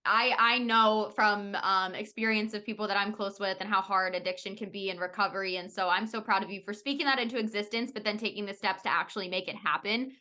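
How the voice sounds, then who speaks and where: A woman's voice: mid-range voice, fairly even intonation, fast, hardly any pauses. A woman hosting a podcast in casual chat, effusive and encouraging toward her guest. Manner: warm, effusive. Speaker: podcast host.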